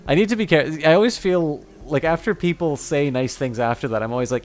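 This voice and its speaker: A man's voice: on the high side, a little fast, faint music behind. A man, chatting to his stream viewers and reading a game aloud, rambling and apologetic with many restarts. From Canada.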